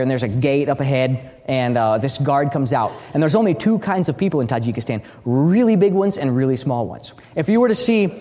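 American guy teaching a group, tells stories in a lively way, kinda high voice, big hall with a long echo. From United States. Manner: lively storyteller, repeats words as he restarts. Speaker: speaker at a training session. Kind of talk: teaching talk with a told story.

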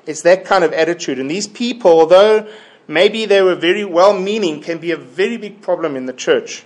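A man preaching a Bible sermon in a deliberate, emphatic way, often repeating his key phrases. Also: high voice.

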